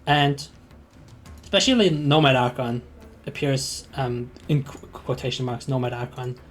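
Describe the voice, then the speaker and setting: A man's voice: mid-range voice, a little slow, faint music behind. A man narrating as game master of a tabletop game, hesitant and full of fillers.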